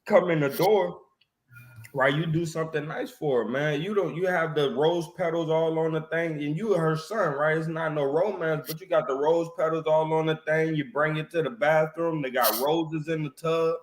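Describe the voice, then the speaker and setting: Man leading a religious chat, preachy, keeps asking right?, slightly high voice, roomy echo. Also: fairly even intonation, normal speed. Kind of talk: casual religious discussion.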